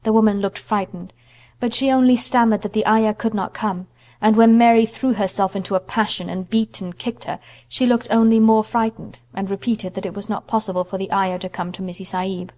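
An audiobook narrator with a medium-pitched voice gives a measured, expressive reading of a classic novel.

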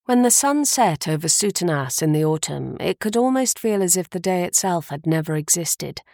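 In a fairly low voice, a woman reads scripted audiobook narration steadily and with measured care. The sound is clean studio audio with no room sound.

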